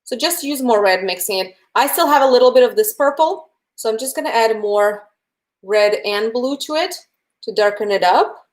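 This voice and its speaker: A young woman with a Russian accent leads a live painting tutorial, her voice sitting a little high. She walks viewers through each step in a chatty, friendly way. She speaks to them directly and answers their chat messages as she goes. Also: lively intonation, moderate pace. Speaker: painting instructor. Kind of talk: live-streamed painting lesson.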